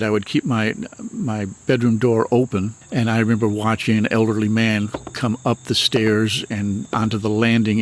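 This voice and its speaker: A man in his sixties from Michigan, a retired minister telling his own experiences in an earnest, unhurried, matter-of-fact way. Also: lowish voice, a little hiss or hum. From Michigan, USA. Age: 60s. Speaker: retired minister and paranormal author. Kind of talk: personal storytelling in an interview.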